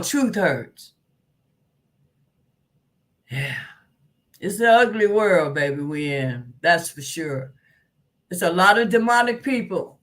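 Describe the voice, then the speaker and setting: A woman hosting a live stream in casual chat, loud and exclaiming, laughing and swearing often. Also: lowish voice. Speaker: livestream host.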